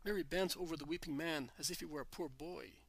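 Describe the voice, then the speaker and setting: A man narrating a devotional text in an earnest, measured manner. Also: a little high, vocal fry, breathy edge. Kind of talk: scripted devotional reading.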